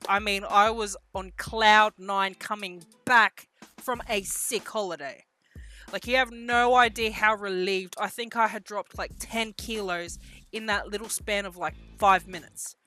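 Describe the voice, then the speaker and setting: A young woman vlogger telling a story casually, animated and self-mocking, swearing now and then. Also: mid-range voice, measured pace. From Australia.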